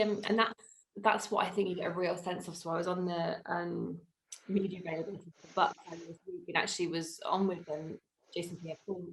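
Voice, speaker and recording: Lower-pitched woman, chatty. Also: fairly bright tone, slight background noise, rough recording. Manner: chatty, many fillers and restarts, laughs easily. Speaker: podcast co-host. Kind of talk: casual sports chat.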